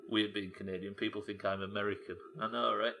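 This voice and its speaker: A man with a Welsh accent commentating his live gameplay, chatting with viewers, animated and swearing casually. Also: lowish voice, fast, slight background noise. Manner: animated, swears casually, reacts loudly to the game. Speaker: streamer.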